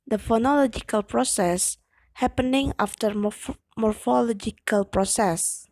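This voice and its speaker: Slow, careful young woman. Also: on the high side, darkish tone, a little hiss or hum, low-quality recording. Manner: slow, careful reading with occasional slips and breathy unvoiced stretches. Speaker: student presenting an exam video. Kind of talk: read-aloud class presentation.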